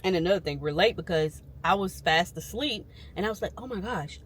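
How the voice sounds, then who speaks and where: A woman's voice: on the low side, animated, a little fast, breathy edge. Frank woman vlogging from her car. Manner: candid venting, frank and emphatic. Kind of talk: casual vlog chat. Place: parked car.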